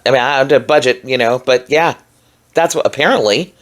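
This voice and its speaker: A woman's voice: extremely low pitch, brisk. A woman recording a solo video commentary alone in a room, talking in a frustrated, emphatic and rambling way with many fillers. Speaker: vlogger.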